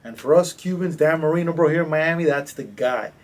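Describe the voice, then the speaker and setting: A man, a coach, casually telling stories as a podcast guest, animated and slangy. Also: a little high, fairly quick. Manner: animated, slangy, acts out quotes. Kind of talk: casual storytelling in a podcast interview.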